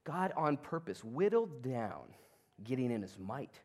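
Animated preacher telling a story. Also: male voice, mid-range voice, measured pace. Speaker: pastor. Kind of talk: sermon.

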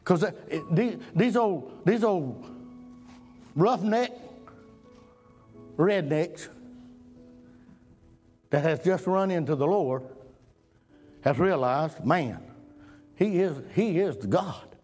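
A man preaching a folksy sermon, swinging from loud emphatic lines to low murmurs. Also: animated, slow, long pauses, slightly rough, soft background music.

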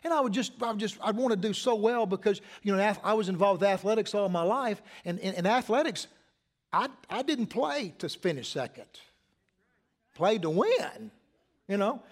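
A man's voice: high-pitched, expressive, moderate pace. A middle-aged man preaching a sermon as pastor, conversational, repeating phrases and asking the congregation questions.

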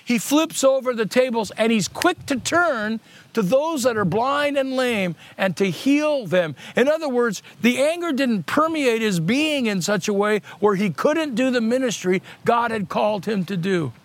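A man's voice: extremely high pitch, lively intonation, unhurried. A middle-aged male pastor preaching a sermon earnestly, restating key points on purpose to drive them home.

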